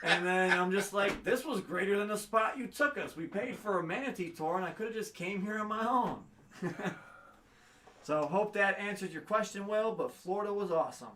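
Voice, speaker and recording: A man's voice: high-pitched, normal speed, bright, forceful tone, slight background noise. A young man co-hosting a casual livestream, reading out donations and explaining things plainly.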